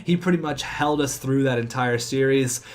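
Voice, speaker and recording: A young man giving excitable play-by-play commentary on his own video game hockey season, fast-talking and swinging between cheering and groaning. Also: medium pitch. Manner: talks fast. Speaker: gaming commentator.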